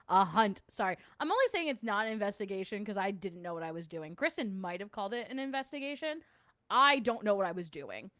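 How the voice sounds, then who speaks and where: A woman's voice: medium pitch, no echo. Chatty New Jersey woman, dry close sound. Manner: chatty, laughs often, mimics others mid-story. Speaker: podcast host reading live chat. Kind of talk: casual livestream chat.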